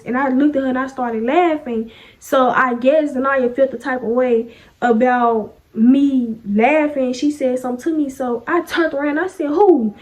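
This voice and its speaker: A young woman vlogger telling a casual storytime in a chatty, sassy way, acting out what people said. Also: high voice. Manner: chatty, sassy, acts out quoted lines.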